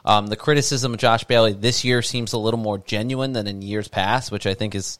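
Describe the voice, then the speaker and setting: Male co-host, lowish smooth voice, measured and thoughtful, dry sound. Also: steady tone, fairly bright tone, no room sound. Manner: measured, thoughtful, some hesitations. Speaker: podcast co-host. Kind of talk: casual sports talk.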